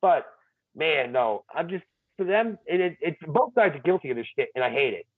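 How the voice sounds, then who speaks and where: Brief: higher-voiced male co-host ranting, exasperated and profane, phone-quality audio. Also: sing-song, normal speed, dry recording. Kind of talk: casual chat. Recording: tinny phone-like line.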